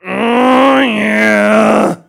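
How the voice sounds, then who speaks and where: A man voicing the loud, leering ghost of a hanged man in an improvised comedy story. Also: high voice, steady tone, gravelly, pitched above the performer's own voice, heavily acted. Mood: egging on. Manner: loud, drawn-out, egging on.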